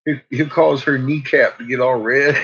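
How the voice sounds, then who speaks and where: A man's voice: mid-range voice, steady tone, normal speed, fairly bright tone, slightly rough. A man chatting casually as a vlog host, laughing often as he talks about his dogs. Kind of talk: casual chat. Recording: dull lo-fi recording.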